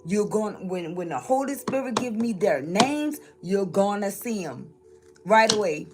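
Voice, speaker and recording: A woman's voice: medium pitch, lively intonation, measured pace, background noise. A woman from New Orleans, chatting casually through a tarot reading and laughing often. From New Orleans, Louisiana. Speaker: spiritual reader. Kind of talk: tarot reading live stream.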